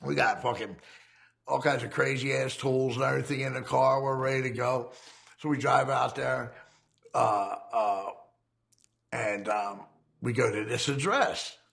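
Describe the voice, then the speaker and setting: A man's voice: mid-range voice, fairly even intonation, unhurried, creaky, fairly bright tone. A man, telling a rambling, profane crime story in casual conversation and laughing as he goes. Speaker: ex-convict telling his story.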